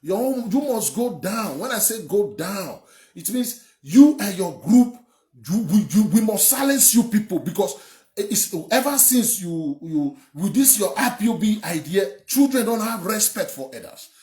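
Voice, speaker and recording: Speaking a little slowly in a high-pitched, slightly mellow voice with big swings in pitch, a young man from Edo State, Nigeria, gives fiery political commentary online. He rambles emphatically, repeats words, and swears, and the room echoes.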